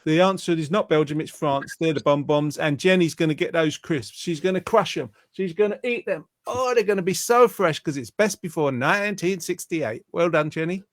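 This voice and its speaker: A man's voice: a little high, normal speed, few pauses, no echo. Man in his 50s hosting a quiz online, silly jokes and rambling asides, dry sound. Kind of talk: casual chat, quiz hosting. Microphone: online video call.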